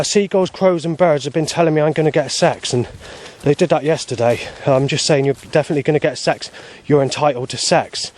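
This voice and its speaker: Aggrieved man, slightly high voice. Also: a little mellow. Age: 40s. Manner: aggrieved, swears often, restarts and trails off. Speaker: vlogger. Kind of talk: rambling personal monologue.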